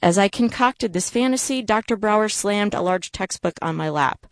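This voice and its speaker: A woman's voice: on the low side, brisk, creaky, hardly any pauses, no room sound. A woman reading her own personal story aloud in a wry, self-mocking way.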